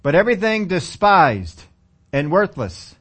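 A man's voice: sits high, big pitch swings, measured pace, fairly bright tone. A man preaching a sermon, reading scripture aloud and then commenting on it.

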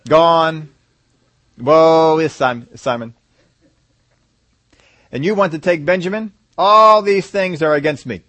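A man's voice: a little high, slow, long pauses, a bit bright, no echo, voice pushed up. Stubborn grieving old dad, clipped and exasperated, sermon aside voiced by a male preacher, dry close sound.

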